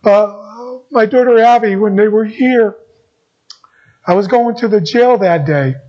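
Middle-aged pastor guy preaching, high voice, earnest, repeats himself, kinda dull lo-fi sound. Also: a little slow. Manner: earnest, repeats phrases, swings between emphatic and soft. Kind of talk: sermon.

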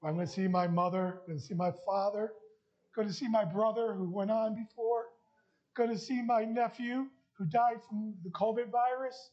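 A man's voice: sits high, steady tone, normal speed, darkish tone, highs cut off. A man preaching a heartfelt sermon and sharing his testimony, emotional at times. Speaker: pastor.

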